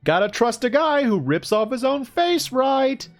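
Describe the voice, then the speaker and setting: A man's voice: big pitch swings, a little slow, soft background music, heavily acted. A man voicing a pushy male monster who sells door to door, in a raised, eager voice. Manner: eager sales pitch.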